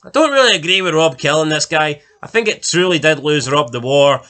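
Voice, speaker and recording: This man co-hosts a laid-back show ranking deaths on TV, talking in a loose, meandering way full of fillers and swearing. He sounds sharp and animated, with a fairly high pitch and a brisk pace.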